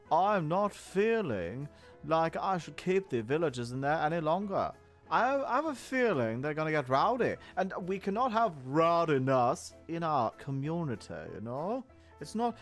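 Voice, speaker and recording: Pompous, lively man playing a mayor. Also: on the high side. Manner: pompous, theatrical and self-admiring. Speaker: game video host in a mayor persona. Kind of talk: in-character game commentary.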